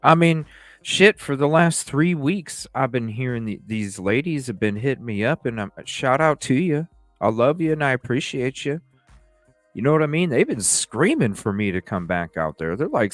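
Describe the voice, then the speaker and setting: A man's voice: medium pitch, normal speed, no room sound, soft background music. Guy ranting on his stream, swears a lot, voice jumps all over, dry close sound. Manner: rambling, profane, animated storytelling. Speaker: livestream host. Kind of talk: casual livestream talk.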